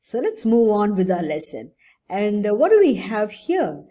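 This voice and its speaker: Woman, children's teacher; soft, warm tone, patient, keeps checking her pupils follow. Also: medium pitch, very animated, moderate pace. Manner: patient and explanatory, often checks in with "okay?" and "right?". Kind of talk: online English lesson for young children.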